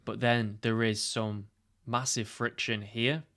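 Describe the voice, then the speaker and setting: A man's voice: mid-range voice, flat delivery, slow pace, fairly bright tone. A man coaching on ad marketing, explaining step by step in a casual tutorial with many "you know" fillers. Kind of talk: screen-share tutorial.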